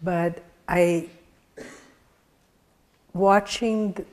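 A woman giving a sermon-style talk, telling spiritual stories in an earnest way with soft laughs. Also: medium pitch, extremely slow, long pauses.

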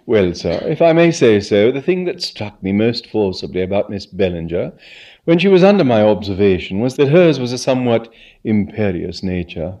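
A man voicing a calm, clever male valet who speaks softly in a measured, formal way. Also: fairly low pitch.

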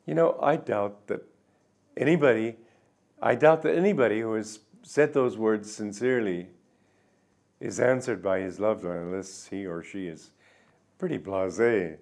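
An older man giving a reflective spiritual talk, speaking gently and musingly, with soft drawn-out endings. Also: fairly low pitch, vocal fry. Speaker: spiritual teacher.

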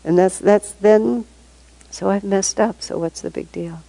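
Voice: medium pitch, vocal fry, warm tone, poor audio. A spiritual teacher giving a reflective talk to devotees, thinking aloud with restarts and repeated words, chuckling between points. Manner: thoughtful, halting, frequent restarts and repeated words.

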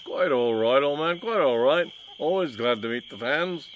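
A man's voice: medium pitch, animated, moderate pace, a little hiss or hum, pitched above the performer's own voice, lightly acted. A man reading a story aloud, voicing a bluff, cheerful man who brags breezily about his ailments. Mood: hearty. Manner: hearty and breezy. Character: bluff, boastful, cheerful middle-aged man, showing off his illnesses.

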